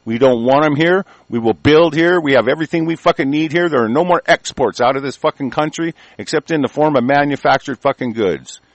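A man's voice: fairly high pitch, a little fast, few pauses, no echo, lo-fi sound. Brief: cursing male host on a political rant, dry sound. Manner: angry, heavily profane, stumbling restarts. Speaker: talk show host. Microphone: conference call line.

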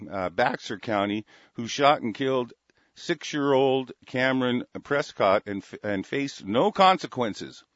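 A man's voice: mid-range voice, a bit bright, dry recording. A man in an angry, profane rant, talking in heated bursts with stammering restarts. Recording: dull lo-fi dry recording.

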